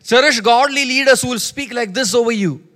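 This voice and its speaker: A man's voice: very high-pitched, fairly quick, bright, forceful tone. A male preacher who gives a sermon in an emphatic way, repeating phrases and calling on listeners to respond. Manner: emphatic, repeats lines, calls for audience response.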